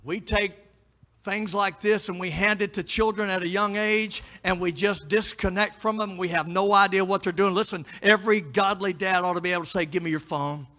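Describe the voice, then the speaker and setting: A middle-aged man preaching with a high, bright voice. He moves from hushed pleading to loud, emphatic exhortation. His delivery is a pastor's full sermon address. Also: fairly even intonation, normal speed.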